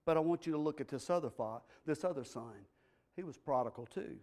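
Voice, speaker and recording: A man preaching as pastor, emphatic, swinging from low, quiet asides to loud, stressed lines. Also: fairly quick. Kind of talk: sermon.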